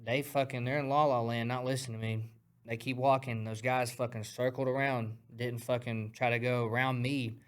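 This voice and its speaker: A man recounting a fight on a podcast, voice in a middle register. He talks in an excitable, profane rush and punctuates the action with punchy sound words. He sounds casual and unfiltered. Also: mid-range voice, normal speed, clean tone. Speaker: guest fighter. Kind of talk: animated storytelling.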